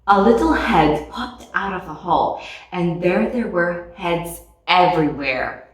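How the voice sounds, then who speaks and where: A woman reading a picture book aloud with slow, expressive storytelling. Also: fairly low pitch, recorded from a distance. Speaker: storybook reader. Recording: echoey room, voice off mic.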